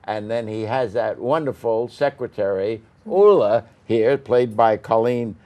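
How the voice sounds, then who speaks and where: A man's voice: mid-range voice, lively intonation, a little slow, warm tone. An older man interviewing theatre cast members, gushing and rambling with many fillers and restarts. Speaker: arts interviewer. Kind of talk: enthusiastic casual interview.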